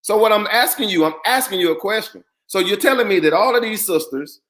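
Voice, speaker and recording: Male host, higher voice, keeps repeating himself to get a word in during a heated argument. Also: animated, a little fast, fairly bright tone. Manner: interrupts, repeats himself, insists on being heard. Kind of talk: heated debate.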